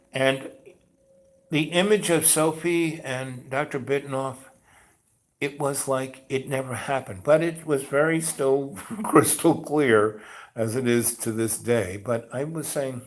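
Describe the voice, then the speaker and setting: An older man from New York spins a long personal story at an easy, conversational pace. He wanders through it with plenty of "you know"s and slips into the other people's lines as he goes. His voice sits at an ordinary middle pitch for a man. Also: a little slow. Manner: rambling, peppered with "you know", acts out dialogue. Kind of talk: casual spoken storytelling.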